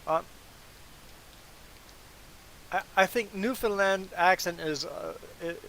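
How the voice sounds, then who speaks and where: Here is a relaxed man from Canada, talking casually through a game stream. He has a voice pitched a little above most men's, and he rambles along with easy chuckles. A faint hiss sits under his voice. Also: moderate pace, creaky, low-quality recording. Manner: relaxed, rambling storyteller who chuckles often. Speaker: gaming live streamer. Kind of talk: casual chat while playing a game.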